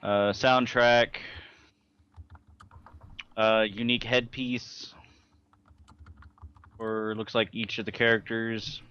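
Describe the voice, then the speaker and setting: Bright-voiced young man, joking. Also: lowish voice, little pitch movement, slow pace, pauses often, clean tone, highs cut off. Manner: blunt, joking, swears casually. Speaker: podcast co-host, dungeon master. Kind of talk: casual chat.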